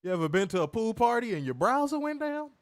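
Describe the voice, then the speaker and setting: A man's voice: very high-pitched, big pitch swings, quick pace, no echo, studio quality. A man hosting a wrestling review podcast, ranting and mocking in profane comedic commentary, laughing often.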